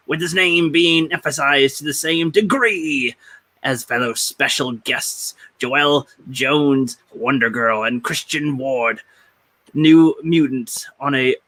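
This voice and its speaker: Bright-voiced man reading aloud. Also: medium pitch, no room sound. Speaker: podcast co-host.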